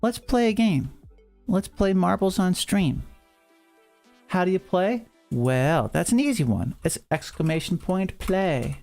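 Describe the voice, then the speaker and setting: Playful streamer, gravelly tone, hyped race-caller delivery. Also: medium pitch, lively intonation, a little slow, darkish tone, soft background music. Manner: playful, hyped announcer bursts, meows. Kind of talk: live stream chat and playful race commentary.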